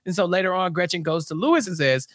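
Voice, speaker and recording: A man's voice: high-pitched, fast, no echo, studio quality. A man co-hosting a podcast, recapping a TV episode in casual chat and acting out the characters' lines as he goes. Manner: animated, acts out characters' lines mid-story. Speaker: podcast co-host.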